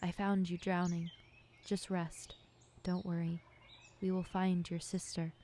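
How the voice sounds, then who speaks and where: A woman voicing a gentle, kind male turtle who speaks softly and calmly, as in a poetic storybook film. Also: on the low side, a little slow, a little hiss or hum, natural voice.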